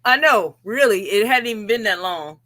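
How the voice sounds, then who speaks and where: A chatty woman co-host in a podcast recap. Her pitch swings around a lot, and the recording is dry and close. She keeps agreeing with the others as she talks. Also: expressive, moderate pace, bright, forceful tone, no room sound. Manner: chatty, lots of agreeing fillers. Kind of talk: casual TV recap chat.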